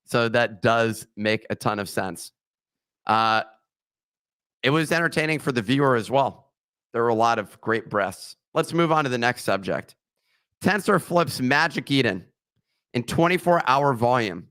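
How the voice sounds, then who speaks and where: A man's voice: mid-range voice, expressive, a little slow, fairly bright tone, smooth, no room sound. A man hosting a podcast, reading a sponsor ad with joking asides and slips of the tongue. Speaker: podcast host. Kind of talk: casual podcast chat with ad read.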